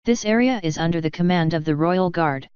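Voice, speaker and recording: Arrogant sneering stallion sergeant, read by a woman; lowish voice, dry close recording. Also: a little fast, a little mellow, clear, resonant tone, no echo, close to an everyday voice. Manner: sneering, dismissive. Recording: dry, slightly muffled.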